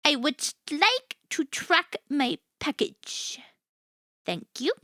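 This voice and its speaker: A woman's voice: high-pitched, very animated, slow, pushed and bright, no echo, studio quality. A woman streamer chatting casually, ranting and swearing freely in a jokey, self-mocking way. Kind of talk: casual chat.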